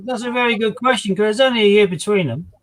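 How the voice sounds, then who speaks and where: A man's voice: high voice, fast. A man playing a quiz with friends, explaining his reasoning with false starts. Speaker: quiz player. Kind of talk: casual chat during a quiz game.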